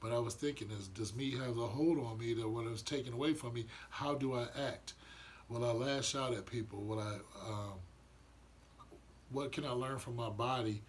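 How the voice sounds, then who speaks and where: A man's voice: medium pitch, fairly even intonation, moderate pace, a little hiss or hum. Earnest man musing in a rambling monologue. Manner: earnest, rambling, frequent restarts. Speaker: vlogger sharing spiritual views. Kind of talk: casual reflective monologue.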